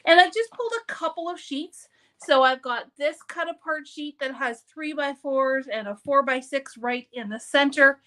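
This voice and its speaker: A woman's voice: sits high, moderate pace, bright, forceful tone. A woman hosting a live papercraft demonstration, talking in a chatty, upbeat way and often breaking off mid-sentence. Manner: chatty, upbeat, self-interrupting.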